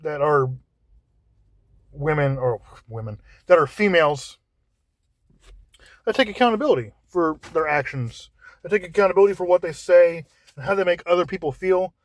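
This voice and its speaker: A man talking in a casual monologue, halting and often repeating words as he searches for how to phrase things. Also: fairly high pitch, expressive, dry recording.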